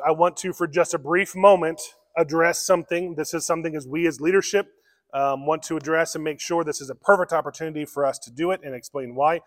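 A man preaching a sermon as pastor, earnest and conversational, often restarting his phrases. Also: fairly high pitch. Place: church sanctuary. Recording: long hall reverb.

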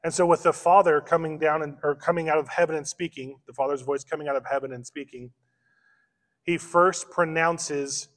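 A man preaching an expository sermon as pastor, slowing down to stress key phrases. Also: fairly high pitch, fairly even intonation, a bit bright. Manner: expository preaching, slows for emphasis. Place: church sanctuary. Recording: long church reverb.

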